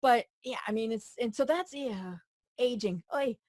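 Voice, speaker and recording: A middle-aged woman hosts a business show in casual chat, poking fun at herself and murmuring agreement often. Her voice sits a little high. The recording is dry, with no room sound. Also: normal speed, darkish tone, no room sound. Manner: chatty, self-mocking, frequent mm-hmm. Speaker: podcast host.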